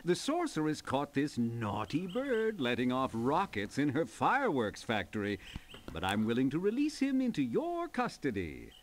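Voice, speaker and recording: An actor playing a male dealer in a video game, smooth-talking and oily like a salesman. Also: medium pitch, wildly swooping pitch, moderate pace, slight background noise. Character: smooth male dealer figure holding a prisoner for ransom. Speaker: game character.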